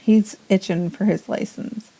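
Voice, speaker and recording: Gravelly-voiced woman, easygoing co-host. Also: mid-range voice, fairly even intonation, measured pace, mellow. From northern US. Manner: agreeable, short replies, joking. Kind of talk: casual chat.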